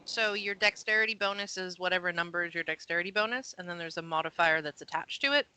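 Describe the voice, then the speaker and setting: Bright-voiced woman game master. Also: on the low side, fast talker, clear, resonant tone, low-quality recording. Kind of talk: narrating and explaining rules in a tabletop game.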